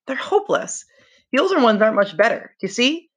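A woman's voice: on the high side, big pitch swings, fairly quick, pitched above the performer's own voice. A woman reading the lines of a frustrated, earnest boy leader in a novel, with emphatic, exasperated delivery.

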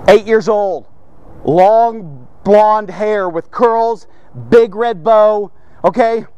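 High-voiced, energetic male devotional host. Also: very slow, clear, resonant tone, no room sound, highs cut off. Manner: energetic, repeats words, chatty asides and jokes. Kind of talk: casual daily devotional talk. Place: home man cave room.

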